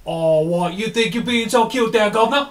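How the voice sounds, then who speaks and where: A man doing loud jeering British barbarian raiders. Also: sits high, moderate pace, pitched above the performer's own voice, close to an everyday voice. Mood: mocking. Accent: put-on British. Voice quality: loud jeering cockney-style slang. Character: rowdy male barbarian raiders, mocking. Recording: roomy far-off mic.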